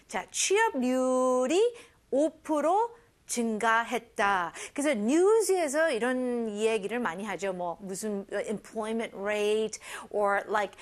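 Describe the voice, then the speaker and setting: A woman teaching an English lesson in a lively way, mixing Korean explanations with English example lines. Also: fairly high pitch. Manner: lively, switches between Korean and English, gives model dialogue lines. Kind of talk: bilingual language lesson.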